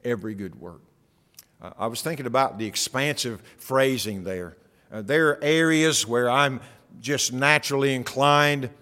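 A man's voice: medium pitch, normal speed, bright, forceful tone, in a large hall. A male pastor giving a sermon in a conversational preaching style, often asking the listeners rhetorical questions.

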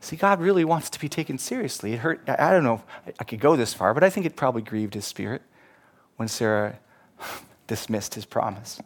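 A man preaching a sermon as pastor, animated, acting out quoted voices and laughing at himself. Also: medium pitch, brisk.

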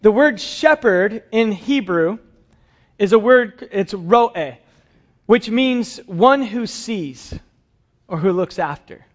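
A man's voice: sits high, animated, slow pace. A man preaching a conversational sermon to his congregation, with light humor. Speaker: pastor. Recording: dull lo-fi sound.

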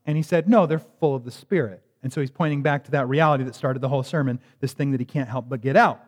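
With a mid-range voice and quick pace, a man delivers a sermon in a reverberant hall. He reads scripture and explains it conversationally and emphatically, tossing in joking asides.

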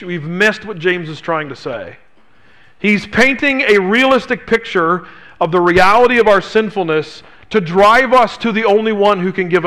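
A male pastor preaching a sermon, emphatic, asking his listeners rhetorical questions and dropping to a hushed voice on key phrases. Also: high voice.

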